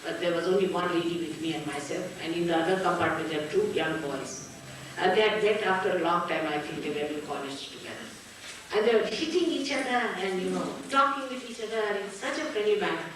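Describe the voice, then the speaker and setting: An older woman, giving a spiritual talk to an audience and telling lively stories with frequent laughs. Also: fairly low pitch, fast, slight background noise. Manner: storytelling, lively, laughs often. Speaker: spiritual teacher. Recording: echoey hall, far from the mic.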